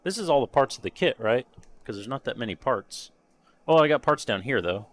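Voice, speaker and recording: A man's voice: mid-range voice, expressive, brisk, fairly bright tone. A man chatting casually on a live stream while painting a model kit, muttering to himself and trailing off. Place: home workshop.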